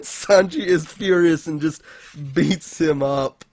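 A man's voice: high-pitched, a little slow, no echo. Male co-host, casual recap chat, laughs constantly, acts out character lines, dry sound. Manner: giggly, keeps laughing and acting out characters' lines. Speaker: anime podcast co-host.

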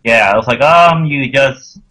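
Man, casual chat, husky voice, halting, repeats words. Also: mid-range voice, pushed and bright. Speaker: podcast co-host.

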